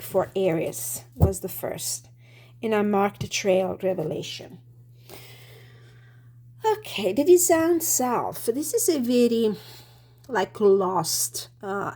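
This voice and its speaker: A woman giving a casual tarot reading, slightly hoarse, speaking thoughtfully with many fillers and restarts. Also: mid-range voice, darkish tone. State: slightly hoarse, clearing throat. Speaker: tarot reader.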